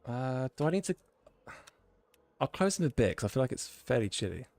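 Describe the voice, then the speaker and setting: A man's voice: medium pitch, big pitch swings, fairly quick, gravelly, a little mellow, no echo. A British man with a British English accent, chatting casually on a live stream while sim racing, reading chat aloud and laughing easily. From Britain.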